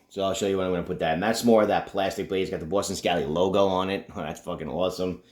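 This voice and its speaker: A man's voice: low-pitched, darkish tone, echoey room. A man hosting a casual unboxing review video, laid-back, cursing freely and saying "you know" a lot. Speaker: video host.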